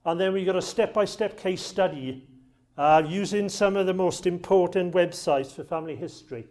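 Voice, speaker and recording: A man's voice: sits high, moderate pace, darkish tone. A man with a British accent giving a lecture to an audience in a jokey, chatty way. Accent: British English. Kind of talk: public talk to an audience.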